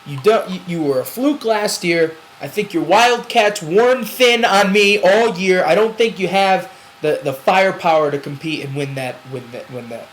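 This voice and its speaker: A man's voice: high voice, moderate pace, fairly bright tone, slight background noise, rough recording. A man co-hosting a casual sports show, rambling through predictions and laughing while he argues. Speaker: sports podcast co-host.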